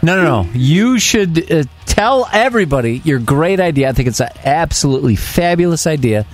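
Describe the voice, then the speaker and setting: A male podcast host trading easygoing jokes with his co-host and guests. His pitch swings widely as he talks, and the whole exchange stays loose and casual. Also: big pitch swings, moderate pace. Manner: joking, easygoing banter. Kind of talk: casual chat.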